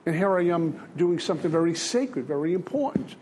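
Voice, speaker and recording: A man's voice: fairly high pitch, animated, fairly quick, a little mellow, a little hiss or hum. An older man giving an earnest, repetitive personal testimony as a speaker at a recovery meeting.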